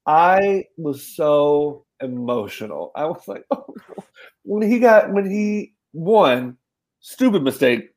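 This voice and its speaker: A man co-hosts a relaxed film podcast in a slightly raised voice. He stammers a little and replays his own reactions as quotes. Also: on the high side, takes it slowly. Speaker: podcast co-host. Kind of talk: casual movie review chat.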